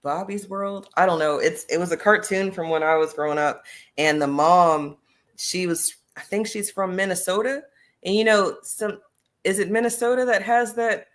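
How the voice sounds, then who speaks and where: A woman's voice: medium pitch, steady tone, normal speed. Emphatic woman hosting a livestream chat. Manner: emphatic, addresses viewers directly. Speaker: host and teacher. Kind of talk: casual livestream discussion.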